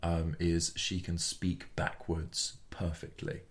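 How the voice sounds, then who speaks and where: A man's voice: sits low, completely flat delivery, slow pace. A young adult man co-hosting a film podcast in a friend's home, teasing dryly and often stumbling into restarts. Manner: dry teasing, hesitant with stammered restarts. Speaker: podcast co-host. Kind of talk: casual film-review chat. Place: friend's bedroom.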